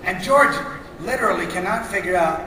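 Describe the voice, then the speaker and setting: Animated man pitching a cartoon in a hall. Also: a little fast. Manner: animated, acts out scenes. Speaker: cartoon creator pitching a show. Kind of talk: animated storytelling pitch to a panel audience. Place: large convention hall. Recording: echoey hall from far off, noisy.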